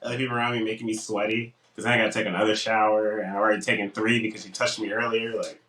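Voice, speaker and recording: A man's voice: on the low side, racing, echoey room, recorded from a distance, rough recording. A young man co-hosting a casual podcast, telling stories and acting out what people said to him. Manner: animated storytelling, acts out quotes. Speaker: podcast co-host.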